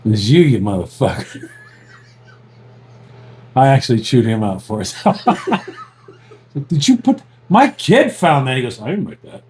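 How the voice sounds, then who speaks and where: A man's voice: medium pitch, takes it slowly, pauses often. A man co-hosting a casual chat, telling stories with lots of swearing and laughter. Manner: profane, laughing, animated storytelling. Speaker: podcast co-host. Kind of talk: casual banter.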